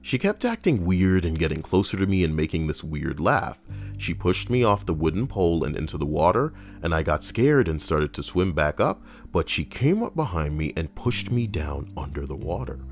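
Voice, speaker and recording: A man's voice: deep voice, big pitch swings, normal speed. A man streaming, reading stories aloud and breaking off into blunt, profane commentary.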